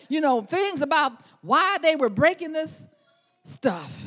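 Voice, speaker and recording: A woman's voice: high voice, expressive, unhurried, a bit bright. A woman preaching a sermon, earnest and emphatic, repeating her key words, in a church. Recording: long hall reverb.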